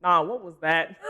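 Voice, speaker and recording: Giggly high-voiced male streamer. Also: vocal fry, very noisy. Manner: giggly, chatty with viewers, laughs often. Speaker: livestreamer. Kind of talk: casual gaming stream chat.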